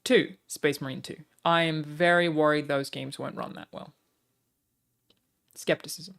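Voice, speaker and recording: A woman's voice: low voice, fairly even intonation, unhurried, vocal fry, fairly bright tone. Woman streaming, chatty, gushing thanks, swears a lot. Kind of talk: live stream chat and reaction.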